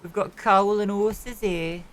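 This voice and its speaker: A woman putting on a gruff Birmingham gangster man with a Birmingham accent, slow and deadpan. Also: mid-range voice, natural voice.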